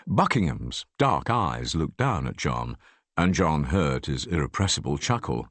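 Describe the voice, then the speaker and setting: A male audiobook narrator with a deep voice that rises and falls very widely. He reads in a measured, expressive style. The sound is dry and close, with no room. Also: no room sound. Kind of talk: scripted narration.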